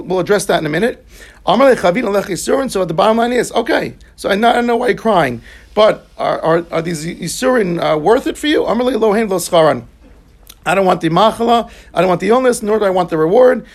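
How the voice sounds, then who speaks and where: Gravelly high-voiced man teaching Talmud. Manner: explains Aramaic text line by line in English, yeshivish terms. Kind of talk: Talmud class lecture.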